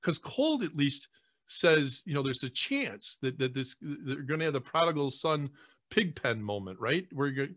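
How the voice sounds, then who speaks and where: A man's voice: fairly high pitch, big pitch swings, normal speed, a bit bright, dry recording. Earnest male priest on a podcast, stumbling over his words when moved, dry close sound. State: choking back tears. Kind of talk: emotional podcast conversation.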